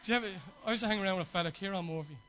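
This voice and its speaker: A man's voice: high-pitched, very fast, a bit bright, faint music behind, low-quality recording. A man preaching a sermon to his church, passionate and exhorting, with chatty asides.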